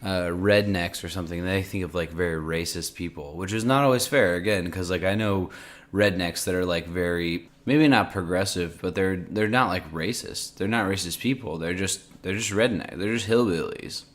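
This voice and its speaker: A man's voice: low-pitched, normal speed. A man co-hosting a casual podcast, rambling with many likes and restarts. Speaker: podcast co-host.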